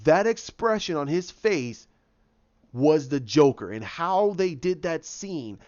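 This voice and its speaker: A man's voice: fairly high pitch, sing-song, slow pace, darkish tone. A man giving his casual opinions, rambling with frequent restarts and acting out quotes. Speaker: video host giving opinions. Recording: dull lo-fi recording.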